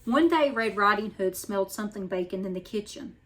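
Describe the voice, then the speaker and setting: A woman hosting a weekly story time, reading a picture book aloud in an even storytelling manner. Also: medium pitch, fairly quick. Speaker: storyteller host.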